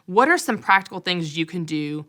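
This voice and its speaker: A woman's voice: fairly low pitch, lively intonation, moderate pace, bright, forceful tone. A woman hosting a faith-based podcast conversation, speaking in an encouraging, emphatic way and often affirming her guest. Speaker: host.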